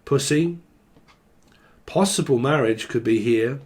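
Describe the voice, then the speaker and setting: A man talks through a tarot reading in a loose, meandering way, drifting from one word to the next. He jokes around and swears casually, and his voice sits at an ordinary middle pitch for a man. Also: takes it slowly, a little mellow. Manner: loose and jokey, swears casually, free-associates on words. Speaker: tarot reader. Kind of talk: rambling solo tarot reading to camera.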